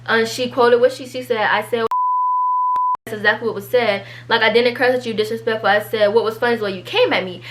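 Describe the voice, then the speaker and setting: A teenage girl, telling a storytime vlog and reading out an argument, animated and exasperated. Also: on the high side, heavy background noise. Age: teens. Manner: animated, exasperated, quick asides. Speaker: vlogger.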